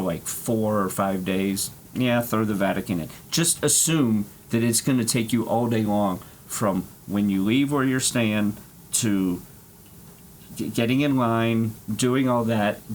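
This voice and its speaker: A man's voice: fairly low pitch, a little hiss or hum. A man streaming, telling a rambling, profane travel story with lots of fillers and laughs.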